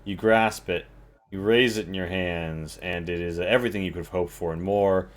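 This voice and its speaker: A man with a very low voice runs a tabletop game as game master. He narrates loosely, with plenty of fillers and restarts, and faint music plays behind him. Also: steady tone, moderate pace.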